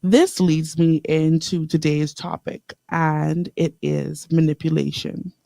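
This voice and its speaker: A woman hosting an inspirational radio talk show. She talks lively and straight to her listeners, and she repeats key lines slowly. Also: low voice, creaky, no room sound, studio quality. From the Bahamas. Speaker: radio host. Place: radio studio.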